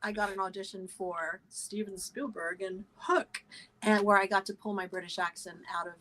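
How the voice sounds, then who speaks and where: A middle-aged woman with an American accent, a voice actor and singer guesting on a podcast, telling stories in a casual, animated way with self-deprecating asides. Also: medium pitch, moderate pace, a little hiss or hum, poor audio. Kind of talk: casual chat.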